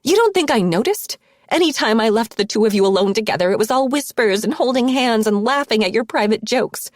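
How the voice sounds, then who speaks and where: A woman's voice: a little high, lively intonation, normal speed, slightly rough, voice pushed up. A woman reading as a cold, controlling young woman. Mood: snarling. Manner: forceful, clipped, impatient.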